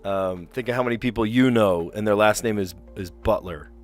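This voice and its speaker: A man's voice: on the low side, normal speed, faint music behind. A man from South Jersey hosting a livestream, chatting casually and thinking aloud as he works through word puzzles, often second-guessing himself.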